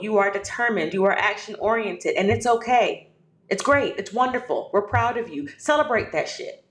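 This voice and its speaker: A woman's voice: fairly high pitch, animated, normal speed, fairly bright tone. A woman hosting a podcast, giving a motivational talk with emphatic, repeated affirmations and calling the listener "baby". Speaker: podcast host. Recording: echoey room.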